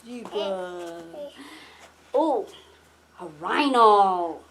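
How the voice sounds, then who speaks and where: Slow sing-song mother coaxing a toddler. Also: medium pitch, sing-song, vocal fry, a bit bright, a little hiss or hum. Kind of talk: playing with a toddler.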